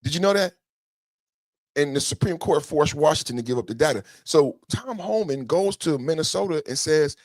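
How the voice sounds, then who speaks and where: A man's voice: a little high, expressive, normal speed, no echo. A male podcast host giving a heated political rant, full of swearing and repeated rhetorical questions.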